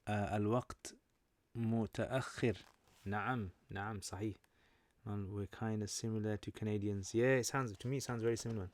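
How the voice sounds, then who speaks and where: A man's voice: lowish voice, steady tone, moderate pace, no echo. A British man hosting a casual livestream Q&A, chatty and joking, explaining Arabic terms as he reads through viewer comments. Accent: British English. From Britain. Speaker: livestream host answering chat.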